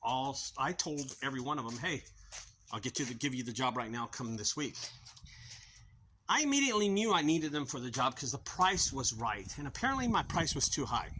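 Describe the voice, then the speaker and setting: A man's voice: mid-range voice, big pitch swings, brisk, pushed and bright, a little hiss or hum, poor audio. A middle-aged man who owns a junk removal business, speaking casually to camera outdoors and acting out both sides of a sales conversation. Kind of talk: casual talking-to-camera vlog.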